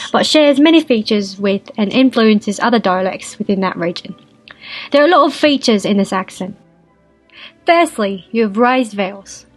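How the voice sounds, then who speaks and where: A young woman presenting a scripted lesson on English accents, reading in a steady explanatory way. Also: mid-range voice. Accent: Irish. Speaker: student presenter.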